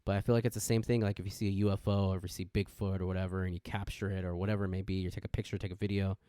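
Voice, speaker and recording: A man hosting a podcast, rambling through a casual intro rant and jumping into sudden excitement. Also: low voice, rapid-fire, clean tone, no room sound, studio quality. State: wired on energy drink. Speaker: podcast host.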